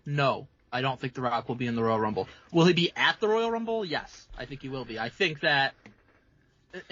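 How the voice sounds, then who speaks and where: A man co-hosting a wrestling podcast, giving measured, hedged opinions in casual chat. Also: medium pitch, pushed and bright. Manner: measured, hedging. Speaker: podcast co-host. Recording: dull lo-fi sound.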